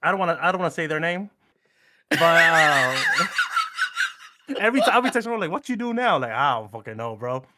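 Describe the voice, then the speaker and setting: A man's voice: high voice, a little fast, long pauses, very noisy. A man in his thirties co-hosting a podcast, joking and swearing in casual banter. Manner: joking, animated, swears freely. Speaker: podcast co-host.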